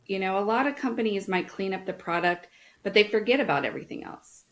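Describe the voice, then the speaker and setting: A woman's voice: mid-range voice, quick pace, poor audio. A middle-aged woman hosting a casual unboxing chat, talking enthusiastically to her viewers. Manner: chatty, enthusiastic, talks to viewers. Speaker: host reviewing products.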